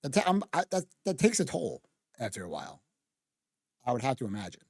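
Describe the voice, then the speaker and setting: A man in a casual stream, arguing his point in a heated, profane rant that keeps stopping and restarting itself. His voice sits at an ordinary middle pitch, and it is recorded close and dry with no room sound. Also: huge pitch swings, a little fast, slightly rough, dry recording. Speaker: streamer reacting to a true-crime video. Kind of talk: casual ranting stream commentary.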